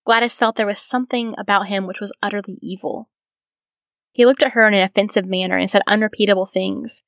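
A woman's voice: mid-range voice, fairly even intonation, fast talker, fairly bright tone, no room sound. A woman hosting a podcast who reads from a biography aloud and adds earnest, reflective comments of her own. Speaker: podcast host.

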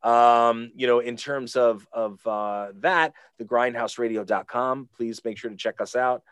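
A man's voice: mid-range voice, steady tone, measured pace, fairly bright tone, clear, resonant tone, no room sound. A man, a podcast guest, telling a casual story full of fillers and restarts. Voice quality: rambling with many fillers.

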